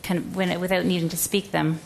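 A woman's voice: fairly low pitch, little pitch movement, a little fast, gravelly, a little hiss or hum. A woman educator giving a presentation, telling a classroom story and acting out the quoted voices. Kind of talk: presentation talk.

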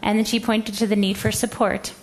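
A woman's voice: mid-range voice, flat delivery, fairly quick, darkish tone. Woman presenting, storytelling. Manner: storytelling, acts out quoted voices. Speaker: educator presenting. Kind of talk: presentation talk.

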